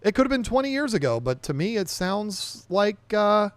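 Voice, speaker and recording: A man's voice: high voice, very animated, moderate pace, clear, resonant tone, dry recording. A man hosting a livestream podcast, chatting casually and rambling as he reads viewer comments aloud and answers them.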